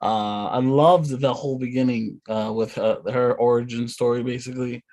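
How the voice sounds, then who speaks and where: A man's voice: medium pitch, fairly even intonation, moderate pace, a little mellow. A man co-hosting a podcast, talking enthusiastically with many restarts and some swearing. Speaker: podcast co-host. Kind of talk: casual chat.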